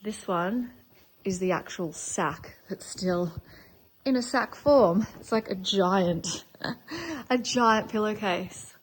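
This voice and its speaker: A middle-aged woman chatting casually in a vlog, gushing excitedly over her finds. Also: medium pitch, slow, slightly rough, rough recording. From Australia. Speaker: vlogger. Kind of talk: casual chat.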